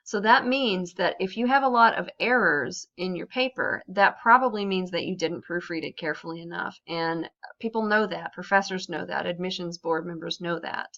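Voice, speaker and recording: A woman with a bright, forceful voice gives a relaxed, conversational writing lesson, often pausing with ums while she explains. The sound is a little dull and lo-fi. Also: lowish voice, creaky. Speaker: academic writing specialist. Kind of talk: instructional talk on writing.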